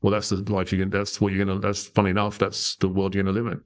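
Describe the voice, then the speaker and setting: Middle-aged male podcast guest, low voice, chatty storyteller. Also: rapid-fire. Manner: animated storyteller, tags lines with "right?". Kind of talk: conversational storytelling.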